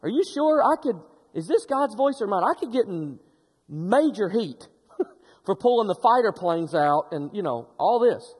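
A man's voice: high-pitched, very animated, unhurried, a little mellow, breathy edge, long reverb tail, full character voice. A man voicing a devout retiring Air Force sergeant who tells his story earnestly.

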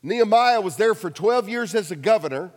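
Man, pastor, casual joking sermon, high voice, long church reverb. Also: lively intonation, brisk, a little mellow. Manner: casual storytelling with humor and acted quotes.

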